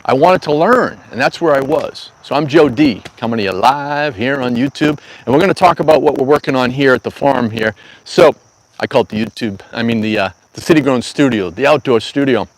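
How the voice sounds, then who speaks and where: On a live stream from an outdoor garden, a middle-aged man who hosts a cannabis grow channel chats casually with his regular viewers. His medium-pitched voice moves fairly quickly over poor audio as he rambles through stories with folksy, slangy asides, sounding like an easygoing host.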